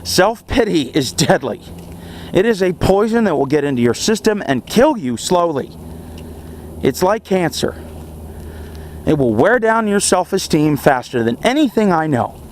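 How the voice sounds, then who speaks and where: High-voiced young man giving earnest advice. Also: unhurried, a little hiss or hum. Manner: earnest and animated, with frequent chuckles. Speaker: vlogger. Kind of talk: casual self-help monologue.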